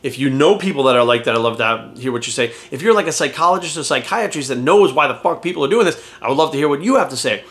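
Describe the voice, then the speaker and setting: A man's voice: medium pitch, animated, fast, few pauses, fairly bright tone. A man talking as a fitness coach in a casual vlog rant, blunt and heavy on swearing and rhetorical questions.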